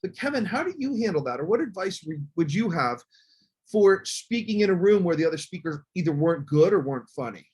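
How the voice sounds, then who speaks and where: Husky, high-voiced man telling stories. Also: a little fast. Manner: animated storytelling, acts out quotes. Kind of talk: casual group video call chat.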